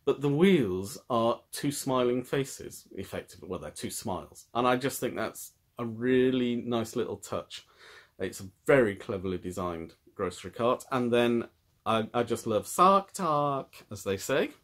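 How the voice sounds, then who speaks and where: A man's voice: medium pitch, moderate pace. A British man hosting a knitting podcast, talking in a thoughtful, rambling way with frequent restarts. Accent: British English. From United Kingdom. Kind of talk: casual chat.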